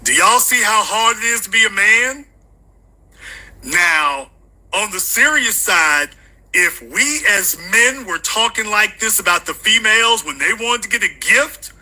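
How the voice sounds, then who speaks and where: A man hosting a call-in livestream show, chatting casually with loud, teasing, comedic rants. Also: high voice, expressive, a little slow, rough recording. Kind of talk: casual live-stream chat.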